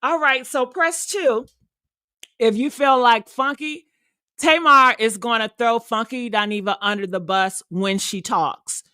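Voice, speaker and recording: A woman hosting a casual gossip stream, telling stories in a sassy, animated way. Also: a little high, unhurried, clean tone, no room sound. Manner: sassy, animated storytelling with acted-out quotes. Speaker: show host.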